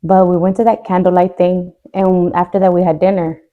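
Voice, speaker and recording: A young adult woman co-hosting a podcast, telling a personal grief story in a candid, joking way that turns quiet and tearful. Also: fairly low pitch, level tone, fairly quick, phone-quality sound. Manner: candid, jokes to cope, voice drops when tearful. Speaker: podcast co-host. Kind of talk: casual emotional storytelling.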